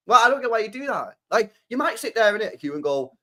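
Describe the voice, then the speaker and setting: A man's voice: very high-pitched, fast talker, hardly any pauses. A young man, hosting a podcast in a casual, swearing rant full of rhetorical questions. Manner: animated, swears a lot, fires rhetorical questions. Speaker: podcast host.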